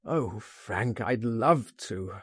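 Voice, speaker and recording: A man reading the part of a fearful, despairing man, groaning and hushed, in an audiobook. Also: on the low side, expressive, very slow, slightly rough, dry recording, studio quality, heavily acted. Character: fearful, despairing grown man, hesitant and trapped. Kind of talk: audiobook narration.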